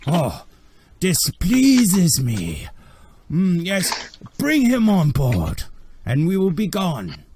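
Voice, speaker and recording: A man voicing a smug alien male trade boss in a tabletop game, speaking in a slow, drawn-out, high voice. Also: wildly swooping pitch, a little mellow, a little hiss or hum, full character voice. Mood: gloating. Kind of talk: tabletop role-play voice.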